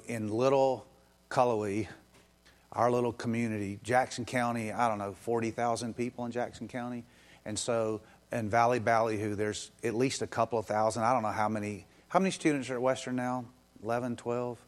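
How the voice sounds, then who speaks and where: A male pastor with a lowish voice delivers a lively sermon at a church service. He throws in quick asides and frequently fills pauses with "um."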